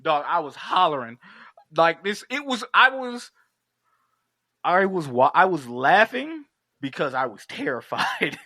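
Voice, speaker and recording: A man's voice: fairly high pitch, very animated, a little slow, pushed and bright, no echo. A man co-hosting a podcast, recapping a film in casual, profane chat and acting out the scenes in voices. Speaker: podcast co-host.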